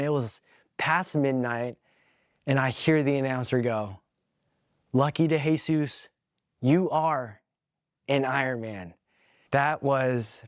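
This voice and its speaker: A man's voice: medium pitch, dry recording, studio quality. A young adult man hosting a podcast, telling a personal story in an earnest, candid way, emotional and holding back tears. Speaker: podcast host.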